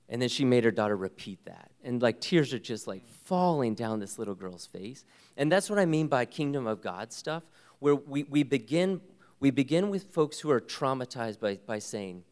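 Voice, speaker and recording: A man speaking as a guest, telling an emotional story in an earnest, halting way that often drops to a hushed whisper. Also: medium pitch, big-room sound. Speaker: guest speaker, ministry worker.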